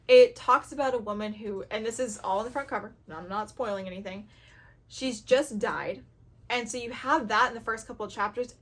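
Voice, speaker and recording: A woman with a high, bright voice talks casually to her viewers about the books she loves. She gushes openly and acts out her own reactions as she goes. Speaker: book reviewer. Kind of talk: casual chat to camera.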